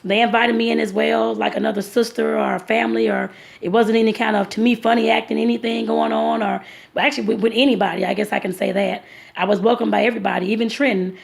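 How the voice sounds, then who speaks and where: A woman's voice: fairly high pitch, steady tone, fast talker, creaky. A woman telling a rambling travel story to her viewers, full of fillers and restarts. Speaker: vlogger. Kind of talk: casual storytelling vlog.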